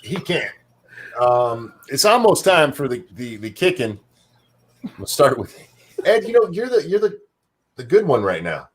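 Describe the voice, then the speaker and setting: Man, talk-show host, husky, sarcastic, ranting, lively pitch. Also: measured pace, pauses often. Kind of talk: casual chat.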